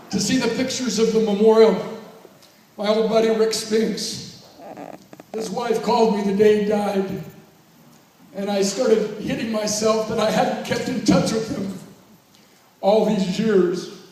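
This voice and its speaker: A man in his fifties giving an emotional, reflective reunion speech with jokes and slow pauses. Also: high voice, fairly even intonation, darkish tone, a little hiss or hum. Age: 50s. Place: large reunion hall. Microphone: handheld microphone heard from far off. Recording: echoey hall from far off.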